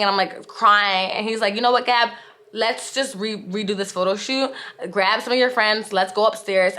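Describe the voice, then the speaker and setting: A woman's voice: medium pitch, sharp tone. A young woman telling a storytime vlog, candid and exasperated, with frequent "like" fillers. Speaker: vlogger.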